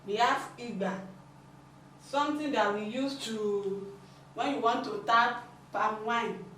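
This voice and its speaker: A woman's voice: on the high side, slow pace, a bit bright, a little hiss or hum. A woman giving a language lesson, explaining patiently and repeating her points. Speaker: language teacher. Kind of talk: classroom lesson. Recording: echoey room, mic at a distance.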